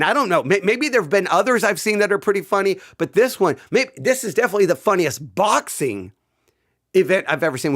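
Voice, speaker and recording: A middle-aged man hosting his own channel, excitedly telling a story in casual talk and often repeating himself. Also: sits high. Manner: animated, repeats himself, breaks into laughter. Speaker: channel host.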